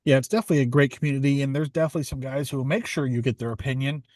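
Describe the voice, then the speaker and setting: A man's voice: mid-range voice, fairly even intonation, racing, darkish tone, no echo. A man co-hosting a golf betting podcast, chatting casually and upbeat with many fillers and restarts. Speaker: podcast co-host.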